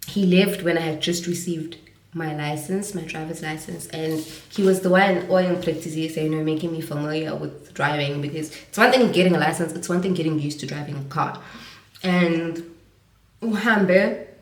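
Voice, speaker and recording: Low-voiced South African woman, roomy sound. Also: normal speed. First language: Zulu. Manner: reflective, mixes English with Zulu phrases. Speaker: vlogger. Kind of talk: casual talking to camera. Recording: roomy audio from a distance.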